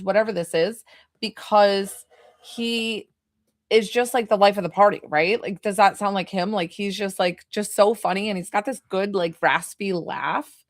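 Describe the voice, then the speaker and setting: A woman's voice: mid-range voice, no room sound. Chatty woman medium, dry sound. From New York. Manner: chatty, heavy on "like" fillers. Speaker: psychic medium. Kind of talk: live psychic reading.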